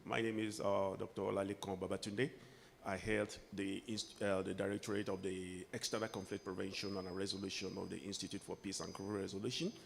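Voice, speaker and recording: A man's voice: low voice, flat delivery, a little fast, gravelly. A man giving a formal speech at a conference, hesitant at first with "you know" fillers, then formal. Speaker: institute department head giving a speech. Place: conference hall. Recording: hall reverb with faint background noise.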